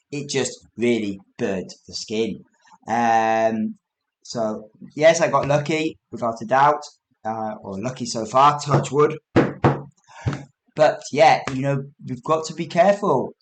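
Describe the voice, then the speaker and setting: A man from England with an English accent, hosting a chatty English lesson podcast, rambling, correcting himself and laughing often. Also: mid-range voice. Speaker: English teacher podcast host. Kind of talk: casual spoken English lesson.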